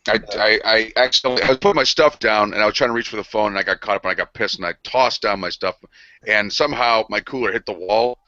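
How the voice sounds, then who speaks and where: A young man cohosting a podcast chats quickly, and his voice sounds bright and forceful. He tells stories with a lot of energy and swears casually. The recording is dull and lo-fi. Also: fairly low pitch, dry recording. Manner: animated storytelling, swears freely. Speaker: podcast co-host. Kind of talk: casual banter.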